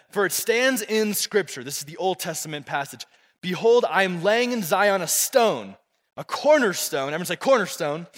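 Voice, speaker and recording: A man's voice: on the high side, a bit bright. A young man preaching a casual youth sermon as pastor, often asking the crowd to repeat words after him. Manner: casual, repetitive, call-and-response with the crowd. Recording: long reverb of a big room.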